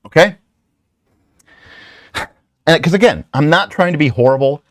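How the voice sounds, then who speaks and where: A man's voice: on the high side, moderate pace, no echo, clean studio sound. A middle-aged man hosting his own channel, talking casually and rambling through self-deprecating stories with lots of restarts and asides. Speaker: channel host.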